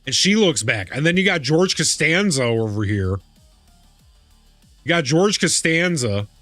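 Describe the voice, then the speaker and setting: Young guy streaming, slow talker, voice swings all over, laughs a lot, dry close sound, faint music behind. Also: fairly high pitch, no echo. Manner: laughing, animated, repeats himself. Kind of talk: casual live-stream chat.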